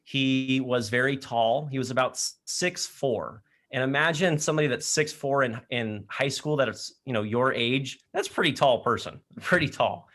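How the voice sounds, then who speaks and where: A man speaking in an online session from his laptop mic, telling an animated story to high school students with frequent laughter. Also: normal speed, few pauses. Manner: energetic, animated storyteller who laughs often. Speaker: leadership program speaker.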